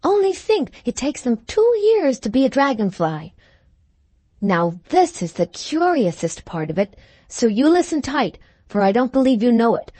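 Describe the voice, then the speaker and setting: Woman doing an earnest little boy, eager, plain country talk, lively voice, storybook. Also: a little high, normal speed, no echo.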